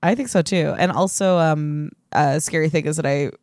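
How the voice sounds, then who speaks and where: A woman's voice: deep voice, normal speed, no echo, clean studio sound. A woman co-hosting a podcast, chatting casually with wry jokes and gasping reactions. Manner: relaxed and wry, gasps and exclaims in reaction. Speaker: podcast co-host. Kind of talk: casual chat.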